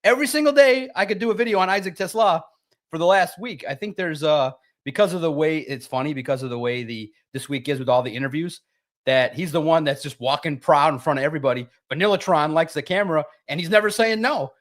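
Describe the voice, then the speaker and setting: Sports-show co-host, male, higher-pitched, lively and emphatic delivery. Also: fast talker. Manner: animated, emphatic, jumps into sharp high pitch for emphasis. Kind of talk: casual sports talk.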